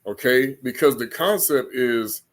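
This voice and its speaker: A man's voice: mid-range voice, unhurried. Man preaching a rambling street-style sermon. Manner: rambling, repeats words, slips into quoted voices. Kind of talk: informal spoken sermon.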